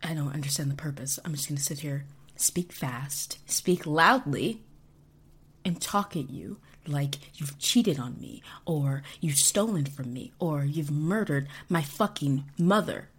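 A woman's voice: low-pitched, slightly rough. A woman voicing an angry AI voice module that rants and swears in a whispered role-play. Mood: furious. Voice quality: swearing, fast and loud. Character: furious ranting male AI voice module.

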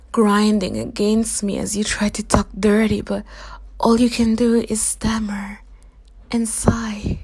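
Slow, flat whispering woman, teasing role-play. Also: medium pitch, breathy edge. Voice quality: soft, often unvoiced whisper. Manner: teasing, dominant, intimate second-person address.

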